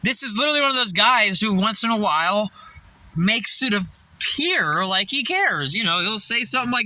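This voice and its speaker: High, lively, bright-voiced ranting man. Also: normal speed, poor audio. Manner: profane, laughs often, acts out coworkers' voices. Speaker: fast-food worker venting. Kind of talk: casual storytelling rant.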